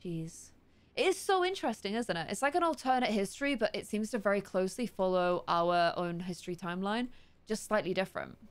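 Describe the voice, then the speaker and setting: A woman's voice: medium pitch, animated, clean tone. Young woman host of a gaming channel, mid-range voice, curious think-aloud commentary. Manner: chatty, curious, thinks aloud and reads slowly word by word. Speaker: let's-play host. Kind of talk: gaming commentary, reading game text aloud.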